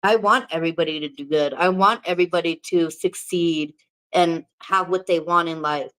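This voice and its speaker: A woman's voice: lowish voice, moderate pace, fairly bright tone, low-quality recording. A woman vlogger from New Mexico chatting casually to the camera, candid, swearing freely and laughing often.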